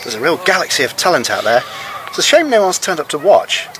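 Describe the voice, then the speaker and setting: An actor playing a wry, dry cricket commentator. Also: male voice, a little high, big pitch swings, quick pace. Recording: street noise behind.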